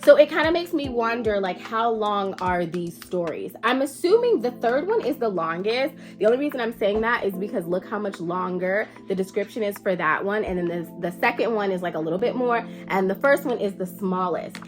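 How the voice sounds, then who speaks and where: A woman's voice: mid-range voice, animated, normal speed, hardly any pauses, over music. A woman with a stuffy, nasal voice from allergies, chatting casually and playfully to her viewers about her book collection, with the odd swear word. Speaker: book vlogger. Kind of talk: casual chat to camera.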